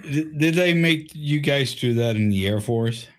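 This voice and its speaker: A man's voice: medium pitch, unhurried. A man in casual chat, asking short questions and giving brief replies.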